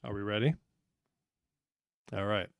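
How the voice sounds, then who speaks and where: A man's voice: fairly low pitch, fairly even intonation, a little slow, creaky, clean tone, no room sound. Man, trivia host, upbeat, joking, dry close sound. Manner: upbeat, joking, self-deprecating. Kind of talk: casual live trivia hosting.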